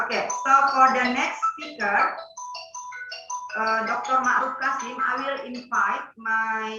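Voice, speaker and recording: A woman's voice: a little high, pushed and bright. Indonesian woman moderating a webinar, echoey. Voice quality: hesitant, many fillers. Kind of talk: online webinar moderation, code-switching. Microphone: video call. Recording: echoey, distant, dull with faint noise.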